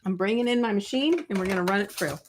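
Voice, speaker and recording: A woman's voice: medium pitch, animated, fast, heavy background noise. A woman hosting a live crafting tutorial, chatty and gushing, talking to her chat between coughs from a summer cold. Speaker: host of a live papercraft show.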